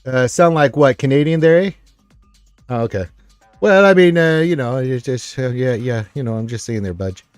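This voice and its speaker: A man's voice: mid-range voice, moderate pace, darkish tone, no echo, soft background music. A man hosting a casual live stream, reading viewer comments aloud in an upbeat, rambling way with many fillers.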